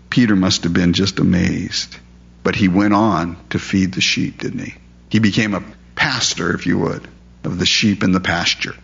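In a dull lo-fi recording, a pastor with a low, slightly bright voice and vocal fry preaches a conversational, verse-by-verse expository sermon. He often poses rhetorical questions to the audience.

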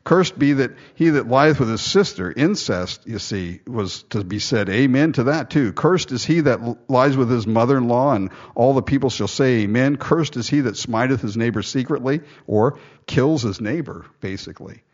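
A man's voice: medium pitch, lively intonation, normal speed, few pauses, darkish tone, dull audio. A man preaching a sermon, reading scripture aloud and breaking off into jokey, conversational asides.

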